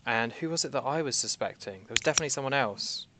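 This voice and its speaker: A man's voice: mid-range voice, expressive, fast talker, background noise. A man playing a tabletop game, methodical, thinking aloud as he sorts out suspects. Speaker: player. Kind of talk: casual tabletop chat.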